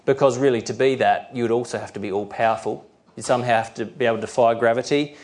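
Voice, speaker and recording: Measured middle-aged male preacher. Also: mid-range voice, fairly even intonation, a little mellow. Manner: slow, careful reading of scripture verses; explanatory, with fillers and restarts. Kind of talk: sermon.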